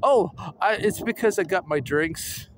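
Hyper, chatty man, sliding pitch. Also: unhurried, noisy background. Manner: excitable, hyper, laughs often. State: losing his voice. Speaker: vlogger. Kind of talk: casual vlog chat. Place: outdoors with his dog.

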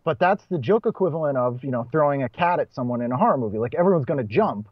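This expressive, fast-talking Boston comedian has a mid-range voice and chats as a podcast guest in a casual interview. He restarts sentences and laughs between points, and the audio has no echo but sounds dull and muffled.

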